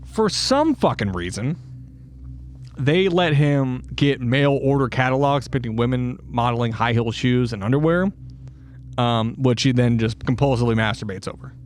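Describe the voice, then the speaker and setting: A man's voice: mid-range voice, animated, moderate pace, slight background noise. A man co-hosting a casual true-crime podcast, swearing freely, laughing and acting out quotes. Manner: profane, laughing, acts out quotes. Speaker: podcast co-host.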